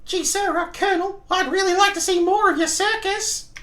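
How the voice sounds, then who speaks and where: Squeaky, wide-eyed young male hero, naive and eager, voiced by a gamer; echoey room. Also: moderate pace, bright, forceful tone. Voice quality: squeaky, high. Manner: gee-whiz and naive. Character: timid, eager young man adventure hero. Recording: roomy echo.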